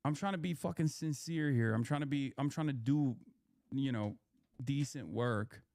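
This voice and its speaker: A man's voice: mid-range voice, normal speed, darkish tone, no room sound. A young man, a political commentator, ranting in a heated, profane, rambling way on a stream.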